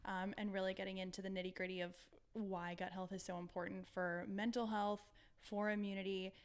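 A woman's voice: mid-range voice, level tone, brisk. A woman hosting a podcast, talking to listeners in an upbeat, chatty way, recorded at home. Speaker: podcast host. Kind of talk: casual podcast chat. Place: home, seated on the floor.

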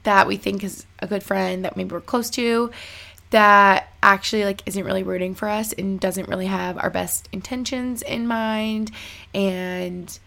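A woman's voice: mid-range voice, fairly even intonation, unhurried, creaky, fairly bright tone. A young woman telling a story casually to her viewers, chatty and full of fillers. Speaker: vlogger.

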